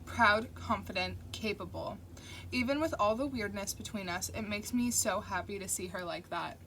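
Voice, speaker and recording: A woman reads a novel aloud in the first person, her mid-range voice steady and intimate. Faint construction noise drifts in behind the reading. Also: medium pitch, moderate pace. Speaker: audiobook narrator. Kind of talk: first-person audiobook narration.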